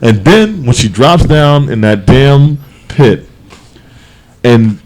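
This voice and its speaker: A man co-hosting a podcast, talking casually in a rambling, animated way with many restarts and fillers. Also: medium pitch, takes it slowly, background noise. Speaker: podcast co-host. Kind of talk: casual chat.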